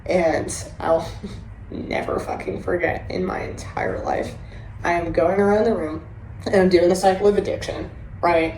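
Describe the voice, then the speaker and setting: A woman hosts a candid recovery podcast, telling her stories in a blunt, animated way and swearing often. Her voice sits a little low. The room is echoey, with a faint hiss underneath. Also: unhurried. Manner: blunt, profane and animated storytelling. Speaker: podcast host. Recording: roomy echo with faint hiss.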